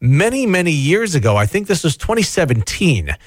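Teasing young radio co-host, higher male voice. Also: brisk, dry recording, clean studio sound. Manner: teasing, deadpan wisecracks. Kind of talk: casual on-air banter.

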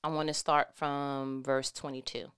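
A woman's voice: very deep voice, flat delivery, unhurried, clean tone. A woman giving a casual Bible teaching. She reads scripture aloud and breaks into playful, slangy asides.

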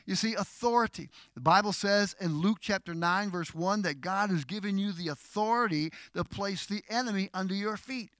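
A middle-aged male pastor preaching a sermon, moving from slow, measured teaching to loud, declaiming exhortation. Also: high voice, no echo.

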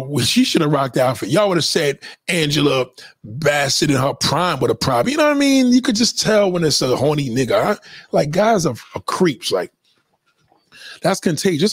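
Guy ranting on his livestream, swearing a lot, lively up-and-down voice, kinda high, dry close mic. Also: no room sound. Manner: animated, profane, mocking commenters. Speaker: livestream host. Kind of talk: casual livestream rant.

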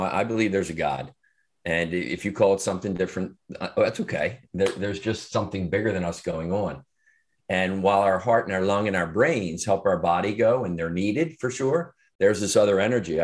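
A middle-aged man, a podcast guest, earnestly recounting a personal story in a reflective way with frequent fillers and restarts. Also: low-pitched. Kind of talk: interview storytelling.

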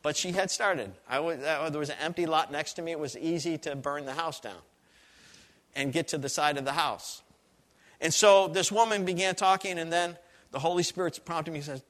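A male pastor telling a story in a sermon, in an earnest, animated way and often repeating phrases. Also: on the high side, normal speed.

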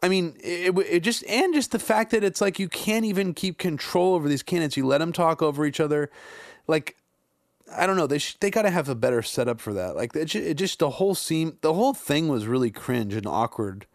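A man's voice: a little high, animated, a little fast, no echo, clean studio sound. A man co-hosting a podcast, chatting casually and exasperated, slangy and swearing freely. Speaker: podcast co-host. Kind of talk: casual political chat.

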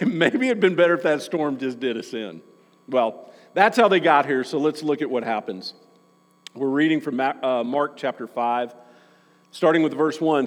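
A man preaching in a church, his voice sitting a little higher than most men's. He reads scripture aloud and then drops into loose, joking asides. His words hang in the long reverb of a big sanctuary. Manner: conversational, joking asides between readings. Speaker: pastor. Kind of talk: sermon with scripture reading. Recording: long reverb of a large room.

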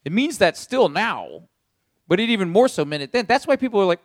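A pastor preaches a sermon, telling the story vividly and addressing his listeners directly in the second person with animated storytelling. His voice is high-pitched and a little fast. The studio-quality recording has no room sound.

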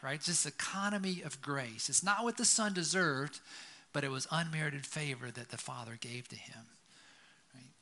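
Telling stories through a conversational sermon, this pastor keeps asking his listeners "right?" His voice is fairly high, pushed and bright, at a moderate pace.

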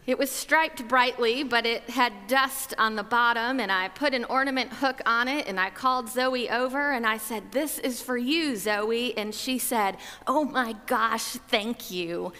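A woman telling a personal story about gratitude in a slow, reflective, measured way. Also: on the high side, bright, forceful tone, big-room sound. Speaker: speaker.

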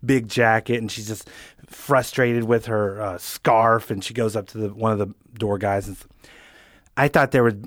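A man's voice: on the low side, little pitch movement, normal speed, fairly bright tone, no echo, studio quality. A man co-hosting a comedy podcast, chiming in and finishing his partner's lines in casual chat.

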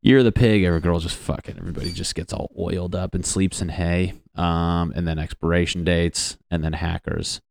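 Deep-voiced young man from Connecticut, rambling. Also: monotone, fairly quick, gravelly, hardly any pauses, a little mellow, a little hiss or hum. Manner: profane, joking, meandering. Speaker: vlogger. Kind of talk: rambling casual monologue.

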